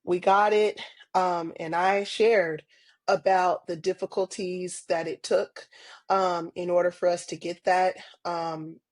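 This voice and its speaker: A woman's voice: lowish voice, level tone, slow, darkish tone, dry recording. A woman guest on a podcast interview, talking casually and earnestly with lots of ums and small laughs. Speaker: podcast guest, parent advocate.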